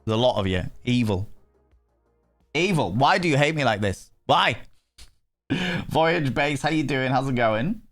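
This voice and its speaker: A man's voice: mid-range voice, lively intonation, a little slow, long pauses, fairly bright tone, faint music behind. A man hosting a livestream, chatting casually with viewers in a playful, theatrical way with mock outrage. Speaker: livestream host.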